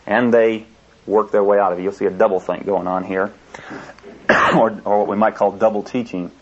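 A man's voice: lowish voice, fairly even intonation, normal speed, a little mellow. A man preaching a sermon in an earnest, repetitive way, often restarting his sentences. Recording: dull lo-fi recording.

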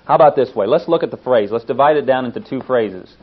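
A man's voice: mid-range voice, fast talker. A man giving an earnest, emphatic sermon-style Bible teaching, stressing points as he works through a verse. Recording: dull lo-fi recording.

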